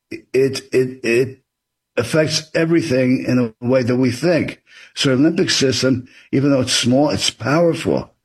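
Speaking at a medium pitch with a breathy edge, a man answers interview questions as an author. He is earnest and advisory in his explanations and acts out sample dialogue along the way.

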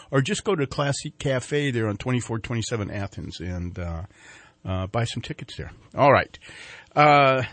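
A man's voice: fairly low pitch, dry recording. A man hosting a morning radio show, chatting and joking and reading ads and community announcements. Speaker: radio host. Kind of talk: casual morning radio chat. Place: radio studio.

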